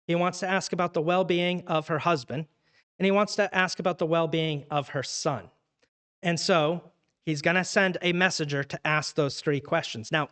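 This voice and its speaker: A man teaches a Bible study in a church room, keeping it conversational and asking the class many questions. His voice is a little high and a bit bright.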